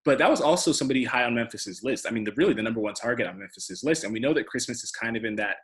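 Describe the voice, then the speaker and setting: A man co-hosting a podcast, chatting casually in a relaxed, conversational way. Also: medium pitch, rapid-fire. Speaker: podcast co-host. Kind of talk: casual recap chat.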